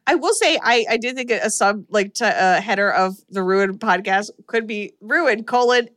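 A woman's voice: mid-range voice, normal speed, a bit bright. A woman hosting a podcast, recapping a horror movie in casual chat and laughing often as she retells scenes. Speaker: podcast host.

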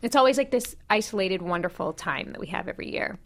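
A woman in her thirties, a podcast co-host, candidly retelling a painful personal story with animated quoted dialogue. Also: medium pitch, quick pace, creaky. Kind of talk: personal storytelling in casual chat.

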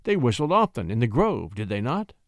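A man voicing a weary, brooding king in a classic story, speaking slowly and heavily. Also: medium pitch, big pitch swings, no echo, clean studio sound. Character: grave middle-aged king, weary and brooding.

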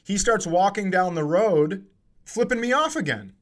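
Animated storytelling man, raised pitch. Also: normal speed. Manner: animated, swearing, acts out heated quotes in a shrill voice. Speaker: comedian podcast co-host. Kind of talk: casual storytelling chat.

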